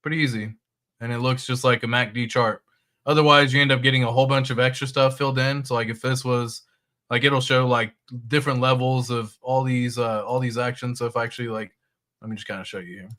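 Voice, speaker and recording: A man's voice: mid-range voice, steady tone, fairly quick, pushed and bright. Casual man hosting a crypto stream. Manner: loose and conversational, swears, reads viewer chat. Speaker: crypto livestream host. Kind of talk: casual livestream chat and chart walkthrough.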